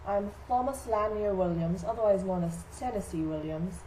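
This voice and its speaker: A woman's voice: medium pitch, moderate pace, warm tone, a little hiss or hum, rough recording. A teenage girl presenting a school project skit, playing a famous playwright in her own voice with a cheeky, jokey manner. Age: teens. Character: playful playwright recounting his life. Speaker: student presenter.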